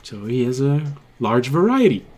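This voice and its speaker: A man narrating a tabletop game as game master, deliberate and quick to laugh. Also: mid-range voice, very animated, darkish tone.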